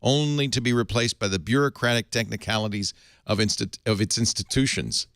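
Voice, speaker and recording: A man's voice: on the low side, brisk, a bit bright, no echo, clean studio sound. A man hosting a casual tech panel chat, joking, laughing often and reading quotes aloud. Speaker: podcast host.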